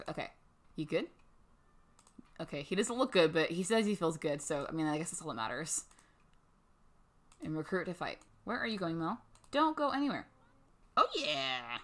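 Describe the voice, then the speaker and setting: Bright-voiced woman narrating her game. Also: fairly low pitch. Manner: chatty, playful, voices her characters' thoughts. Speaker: gaming channel host. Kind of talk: casual let's-play commentary.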